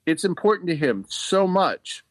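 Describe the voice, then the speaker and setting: A man telling the tale as a sweet, earnest family dog, childlike and a bit worried, his voice rising and falling in a lively, sing-song way, recorded close and dry with no room sound. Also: high voice, measured pace, dry recording, full character voice. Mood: wistful. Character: gentle male pet dog narrating a Christmas tale. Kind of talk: storytelling narration.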